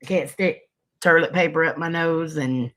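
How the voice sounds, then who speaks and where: A man's voice: on the high side, normal speed, sharp tone. Sniffly man hosting a livestream. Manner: chatty, greets viewers by name. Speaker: livestream host. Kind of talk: casual livestream chat.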